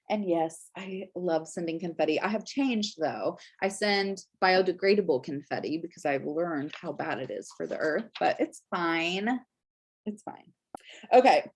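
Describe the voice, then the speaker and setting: A young woman talking straight to her camera at home in a relaxed, chatty way. She leans on fillers and keeps checking in with "right?" and "okay?". Her voice sits at an ordinary middle pitch. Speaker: Scentsy consultant giving business tips. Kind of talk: casual chat to camera.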